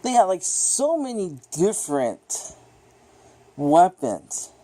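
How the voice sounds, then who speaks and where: Rambling, excitable man reviewing a film. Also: sits high, takes it slowly. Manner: rambling, excitable, swears freely, lots of fillers. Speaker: movie reviewer. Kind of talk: casual unscripted film review.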